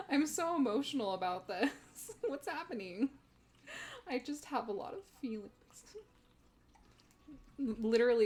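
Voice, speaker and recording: A woman's voice: medium pitch, darkish tone. A young woman streaming a game, chatting casually with viewers, giggly and gushing. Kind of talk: casual gameplay stream chat.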